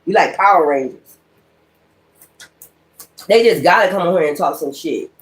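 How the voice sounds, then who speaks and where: A woman's voice: fairly low pitch, moderate pace. A woman giving a spoken tarot reading in a blunt, profane, ranting manner. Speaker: tarot reader. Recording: echoey room.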